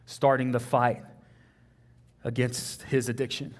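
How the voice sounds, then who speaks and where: A man's voice: mid-range voice, level tone, a little slow. A young man with a Texan accent preaching a sermon in an earnest, conversational way, often saying "man" and "like".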